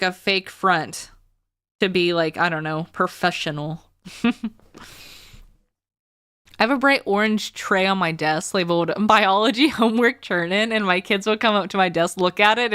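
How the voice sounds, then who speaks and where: A woman's voice: medium pitch, bright, forceful tone, no room sound, clean studio sound. A young woman streaming a game, chatting casually with a sarcastic edge and frequent laughter. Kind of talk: casual chat while livestreaming a game.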